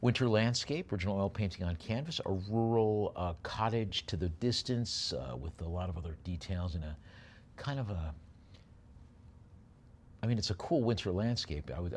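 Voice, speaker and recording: Middle-aged guy auctioneer, fast bid calling, lowish voice, kinda rambly on the descriptions. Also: animated, a little hiss or hum. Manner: rapid bid calling mixed with loose, hesitant lot descriptions.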